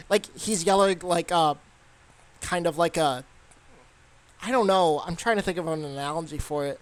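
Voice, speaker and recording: A man's voice: fairly high pitch, moderate pace, long pauses, no room sound. A young man giving a casual, rambling movie review, full of fillers and restarts.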